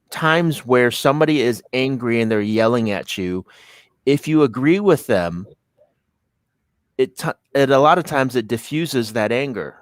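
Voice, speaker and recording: A man's voice: medium pitch, dry recording, studio quality. A man co-hosting a casual business chat, laughing often and restarting his phrases.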